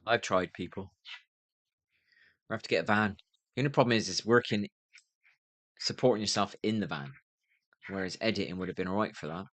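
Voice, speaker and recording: A man's voice: on the low side, fairly quick, pauses often, a bit bright, no room sound. A man in his fifties streaming his gaming, rambling to himself in a tired, muttering way. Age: 50s. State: tired, yawning. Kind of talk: rambling livestream monologue.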